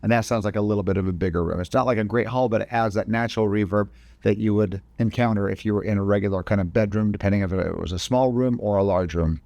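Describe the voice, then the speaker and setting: A man's voice: fairly low pitch, fast talker, vocal fry, hardly any pauses, darkish tone, no room sound. A man teaching video editing in a casual, step-by-step screen-recorded tutorial, often correcting himself mid-sentence. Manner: casual step-by-step explaining, frequent self-corrections.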